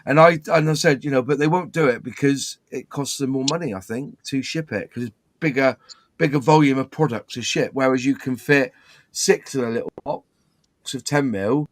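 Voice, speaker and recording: A man's voice: medium pitch, moderate pace, no echo. A man on a modelling live chat, explaining his paint routine in a rambling, self-correcting way. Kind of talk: casual chat.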